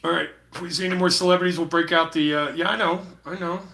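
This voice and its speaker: A man's voice: high-pitched, steady tone, quick pace, vocal fry, bright, forceful tone. A man chatting casually with his live-stream chat while he paints, laid-back and full of slang. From Utah. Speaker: livestreaming painter.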